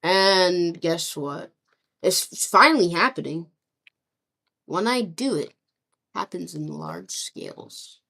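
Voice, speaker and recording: A woman improvising a rambling story narration, acting out groups of people in quick quoted asides. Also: on the low side, big pitch swings, gravelly, bright, forceful tone. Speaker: map series narrator.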